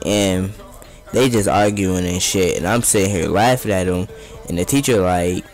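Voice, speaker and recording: A man's voice: low voice, fairly even intonation, normal speed, a little mellow, soft background music. A young man casually telling a story over gameplay, rambling in profane street slang.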